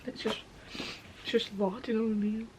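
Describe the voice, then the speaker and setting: A woman's voice: a little high, steady tone, normal speed, a little mellow, slight background noise, poor audio. A young woman talks candidly to camera, sweary and tearful, often asking "do you know what I mean". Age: young adult. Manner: frank and sweary, with lots of filler questions. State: tearful, voice breaking. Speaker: vlogger. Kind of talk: casual talk to camera.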